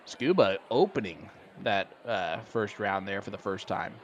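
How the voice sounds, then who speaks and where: Chatty, excitable male darts commentator. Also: on the low side, a little slow, highs cut off, slight background noise. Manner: enthusiastic, chatty, joking. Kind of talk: live sports commentary.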